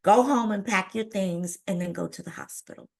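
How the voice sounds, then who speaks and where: A woman voicing a calm male doctor who quietly gives urgent news in a measured, matter-of-fact way, with a gravelly edge. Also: mid-range voice.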